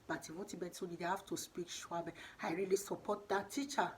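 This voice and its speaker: A woman's voice: lowish voice, lively intonation, moderate pace, hardly any pauses, breathy edge. A woman vlogging in a casual spoken monologue, speaking non-native English with loose grammar and repeating points for emphasis. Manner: emphatic, repeats herself for stress.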